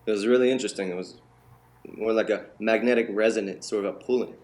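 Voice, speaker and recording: Low-voiced man telling a story. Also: fast talker. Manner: animated, acts out quoted voices. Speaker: interview guest, bodywork healer. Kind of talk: storytelling in conversation.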